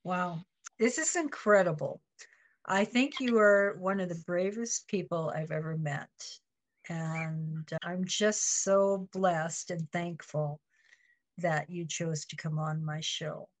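A woman hosting an interview show, asking questions haltingly and repeating her words as she starts. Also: fairly low pitch. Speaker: host.

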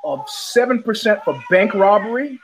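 A man's voice: high voice, expressive, moderate pace, a little hiss or hum, low-quality recording. A man hosting a podcast, telling a casual rambling story with many restarts and repetitions. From United States. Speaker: podcast host.

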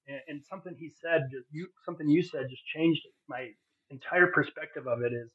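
A man speaking fairly quickly in a voice on the high side shares an earnest personal testimony as a guest on a podcast. It's heartfelt, with plenty of fillers and restarts, captured in a narrow, phone-like recording.

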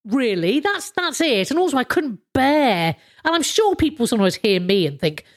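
British woman, podcast host, rambling chatty monologue, chuckles and swears, slightly high-pitched. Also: big pitch swings, moderate pace. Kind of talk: casual monologue.

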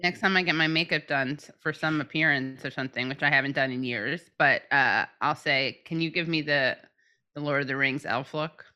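Co-host, young woman, bright voice, playful quick banter. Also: deep voice. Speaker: podcast co-host. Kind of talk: casual chat.

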